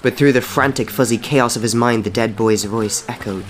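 A man reading a story aloud in an even, measured way, often softly spoken. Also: medium pitch, slight background noise. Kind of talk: storybook narration.

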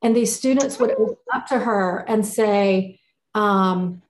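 A woman's voice: medium pitch, a little slow. A woman co-hosting a casual chat, telling a story with feeling and often restarting her phrases. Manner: emotional, repeats and restarts phrases. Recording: roomy echo.

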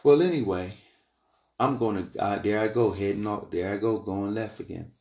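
A man giving a rambling opinion monologue, emphatic and repetitive, wandering off on tangents and climbing high in pitch when he gets heated. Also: moderate pace, gravelly, mellow. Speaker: entrepreneur vlogger. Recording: roomy echo.

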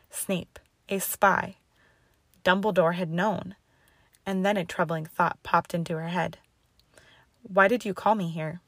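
Low gravelly woman reading a story. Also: no echo. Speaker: audiobook narrator. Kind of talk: scripted storybook narration.

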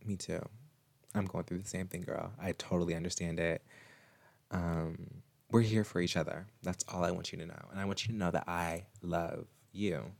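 A man's voice: deep voice, steady tone, normal speed, gravelly, no echo. A man hosting a solo podcast, talking casually and chattily to his listener, often laughing and calling the listener "girl.". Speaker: podcast host.

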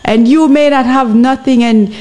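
A woman with a Jamaican accent talks as a podcast guest, urging her listeners on. Her voice sits a little on the high side, and she keeps stopping to ask whether they understand. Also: moderate pace, a little mellow. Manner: earnest, exhorting, often asks "you understand". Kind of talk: impassioned podcast commentary.

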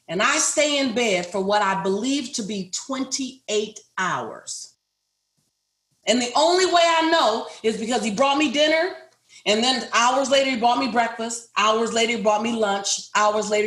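A roomy echo surrounds this middle-aged businesswoman as she tells a group a motivational story from her own life, repeating herself emphatically and speaking right to them. Her voice is on the high side and a bit bright, with lively intonation and an unhurried pace.

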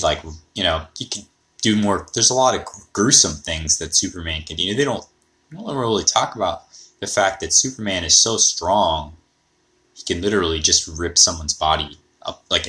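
A man's voice: very deep voice, pushed and bright. A man hosting a podcast, rambling and thinking aloud in a casual monologue. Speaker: podcast host.

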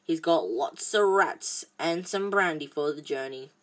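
A woman reading aloud, voicing a big, soft-hearted male giant gamekeeper with a muffled, tearful voice. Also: low voice, measured pace. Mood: fond.

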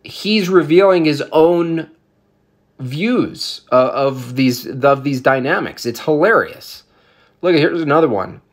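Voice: mid-range voice, expressive, slow pace. A vlog commentator ranting about photographs in a heated, sarcastic way, with many fillers.

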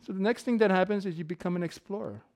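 A middle-aged pastor with a high, darkish voice talks fast through a casual sermon. He fills it with personal stories, joking and laughing often.

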